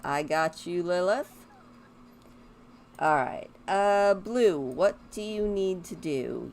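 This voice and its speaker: A woman's voice: lowish voice, slow pace, darkish tone, slight background noise. A woman giving casual, rambling commentary while playing a life-simulation game, chatting to her characters and drifting into talk about music. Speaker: gaming YouTuber. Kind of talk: casual let's-play commentary.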